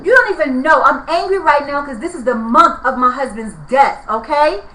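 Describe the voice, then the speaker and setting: A woman rants to the camera with a very high, piercing voice. Her talk is heated, profane and repetitive, and she circles back over the same complaints. The sound rings in an echoey room. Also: animated, moderate pace, pushed and bright. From New York. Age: 30s. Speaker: vlogger. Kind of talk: angry venting vlog.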